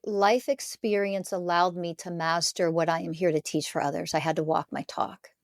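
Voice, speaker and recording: A woman's voice: lowish voice, steady tone, moderate pace, no echo, clean studio sound. A middle-aged woman speaking earnestly as a podcast guest, making emphatic declarations about her spiritual teaching. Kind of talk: conversational interview.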